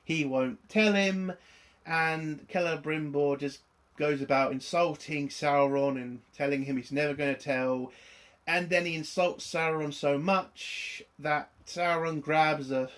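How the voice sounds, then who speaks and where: Exasperated man, sarcastic review. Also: on the high side. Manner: exasperated, sarcastic, swears often. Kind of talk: casual spoken review.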